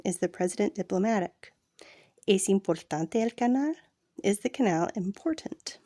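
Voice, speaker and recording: A woman reading a language textbook aloud as a read-along lesson, slow and deliberate, with casual asides to the listener. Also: medium pitch, expressive, warm tone, dry recording, studio quality.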